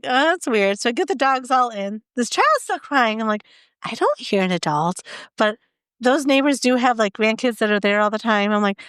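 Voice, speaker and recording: A young adult woman co-hosts a casual podcast and tells stories in an animated way, acting out her own reactions. Her voice is smooth and sits a bit high. The sound is dry and close. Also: no room sound. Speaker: podcast co-host. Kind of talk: casual chat.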